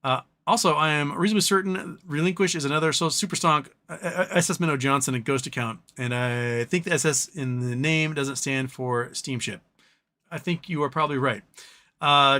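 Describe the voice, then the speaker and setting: A livestream host speaks at a moderate pace in a slightly high voice that sounds pushed and bright. He reads chat aloud and rants, rambling through profane opinions.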